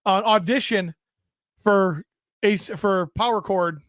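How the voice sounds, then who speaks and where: A man's voice: sits high, slow, fairly bright tone. A man co-hosting a podcast, casually joking and reading out viewer comments. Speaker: podcast co-host.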